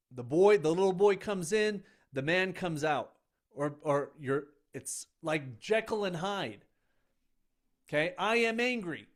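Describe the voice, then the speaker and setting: Middle-aged guy coaching men, earnest and punchy, kinda high voice for a man. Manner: earnest, emphatic, speaks in short punchy phrases. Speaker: men's coach. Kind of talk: motivational self-help talk.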